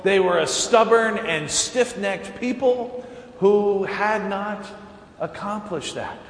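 A male pastor with a somewhat high voice speaks slowly, retelling scripture as a folksy, chuckling storyteller. His sermon rings with a long reverb through a big sanctuary, over faint room noise. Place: large church sanctuary. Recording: echoey church hall with faint room noise.

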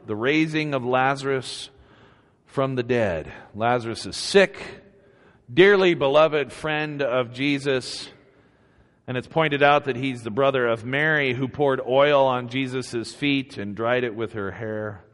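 A man preaches in a relaxed, conversational sermon, unhurried and earnest, now and then rising to emphatic peaks. His voice sits at an ordinary middle pitch. It rings out with the long reverb of a church hall. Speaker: pastor.

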